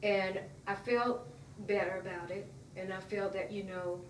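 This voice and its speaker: A woman giving an emotional, halting personal account as an interviewee. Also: medium pitch, flat delivery. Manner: earnest, emotional, halting retelling. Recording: roomy, distant mic, faint noise.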